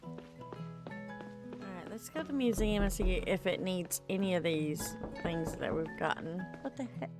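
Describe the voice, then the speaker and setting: A woman's voice: lowish voice, normal speed, over music. A woman chatting casually to her viewers while she plays a video game, tired and nursing a headache. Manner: chatty, talks to chat and to herself while playing. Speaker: let's play streamer. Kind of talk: casual gameplay commentary.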